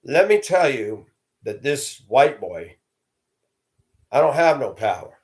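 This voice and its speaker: Middle-aged male host, blunt storyteller, average pitch, talks plainly and directly. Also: big pitch swings, slow, darkish tone. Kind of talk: personal storytelling monologue.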